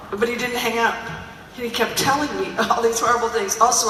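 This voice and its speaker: An older woman, a singer, tells a story on stage in a chatty, animated way, with laughs and many fillers. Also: fairly high pitch, a little fast, a little hiss or hum. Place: large theater stage. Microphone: audience phone recording from far off. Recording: echoey theater, phone from far off.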